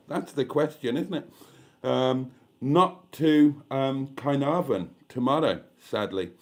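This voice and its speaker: A man's voice: a little high, darkish tone. A man from Britain hosting a casual live stream, reading out viewer comments in a chatty, self-mocking, camp way. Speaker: YouTube live stream host. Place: indoors at home.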